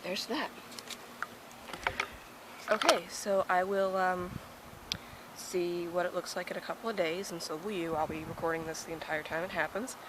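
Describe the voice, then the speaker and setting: A woman's voice: lowish voice, steady tone, moderate pace, pauses often. Chatty young woman vlogging outdoors. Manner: chatty, rambling with many fillers. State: out of breath. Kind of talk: casual vlog talk to camera. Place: outdoors beside a house, partly in a car. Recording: outdoor phone recording with background noise.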